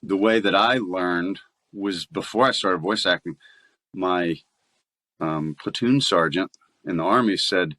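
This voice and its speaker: Southern guy talking shop, laid back and chatty, lowish voice, dry close mic. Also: takes it slowly, long pauses, sharp tone, no room sound. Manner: easygoing and chatty, laughs often. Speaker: voice actor guest. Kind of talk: casual interview chat.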